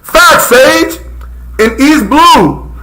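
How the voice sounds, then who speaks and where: A man's voice: very high-pitched, expressive, very slow, bright, forceful tone, poor audio. A young man chatting casually and passionately as a live reaction streamer, rambling in slang.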